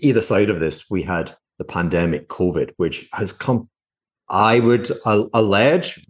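A middle-aged man and former fund manager giving cranky, mocking commentary on a TV interview he is watching. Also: lowish voice. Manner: mocking, cranky, animated asides. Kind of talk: sarcastic reaction commentary.

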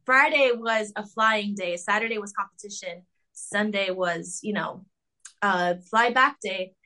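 A young woman talking casually as an interview guest, full of fillers, sometimes jumping high to act out quotes. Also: measured pace, pushed and bright. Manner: chatty, filler-heavy with lots of "like" and "um"; acts out quotes in a high mocking voice.

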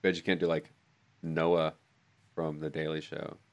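A man co-hosting a podcast, teasing and deadpan in casual chat. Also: extremely low pitch, unhurried, highs cut off. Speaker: co-host.

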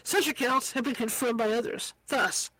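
A woman's voice: on the high side, normal speed, fairly bright tone, no room sound, poor audio. A woman reading a book aloud as an amateur reader, tripping over hard words and slipping in casual asides. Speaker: audiobook reader.

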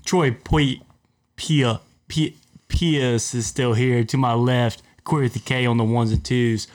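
A man's voice: mid-range voice, steady tone, moderate pace, darkish tone. A man hosting a casual podcast chat around a table with friends, upbeat, laughing often and tripping over names. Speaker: podcast host.

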